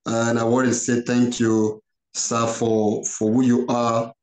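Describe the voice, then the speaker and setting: A man's voice: mid-range voice, monotone. Earnest man in an echoey room. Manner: slow, repetitive, earnest, quoting others in short exchanges. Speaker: pastor giving a tribute. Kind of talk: heartfelt spoken tribute. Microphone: video call. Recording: echoey room over an online call.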